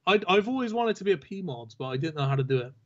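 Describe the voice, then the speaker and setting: A man with a rhotic Southern English accent, talking in a loose, rambling way with lots of fillers and casual swearing. His voice sits a little high, and it comes through a dull, lo-fi mic. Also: sing-song, fast. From southern England. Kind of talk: casual chat.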